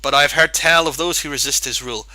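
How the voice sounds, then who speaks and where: Casting: a sarcastic boastful bard with a bright, sharp edge, read by a man, dry close sound. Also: a little high, fast talker, no room sound. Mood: sardonic. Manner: mock-archaic, dry irony. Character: sly, sarcastic male bard, theatrical and boastful.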